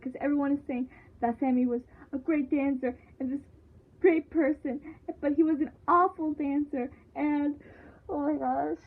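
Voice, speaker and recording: A woman's voice: sits high, fairly even intonation, moderate pace. A woman chatting casually as she recaps a show, rambling with lots of fillers and restarts. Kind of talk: casual chat. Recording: tinny phone-like sound.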